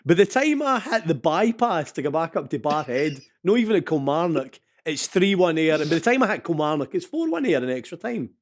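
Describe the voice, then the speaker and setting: A man's voice: a little high, very animated, fairly quick, hardly any pauses, a little hiss or hum. A Scottish man in his thirties, a podcast co-host in casual chat, telling a story with animation and swearing freely.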